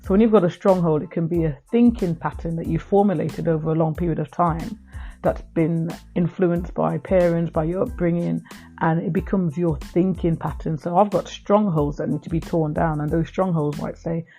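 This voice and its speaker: Earnest woman with a gravelly voice. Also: lowish voice, steady tone, moderate pace, warm tone, faint music behind. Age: middle-aged. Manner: earnest, heartfelt storytelling to listeners. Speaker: podcast host. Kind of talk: personal reflective podcast talk.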